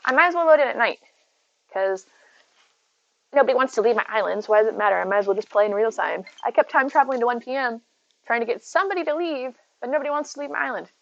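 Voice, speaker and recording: A woman's voice: fairly high pitch, lively intonation, quick pace, gravelly, no room sound, dull audio. A woman streaming from home, chatting casually, greeting viewers by name and talking to her cat. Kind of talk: casual live-stream chat. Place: at home near her bed.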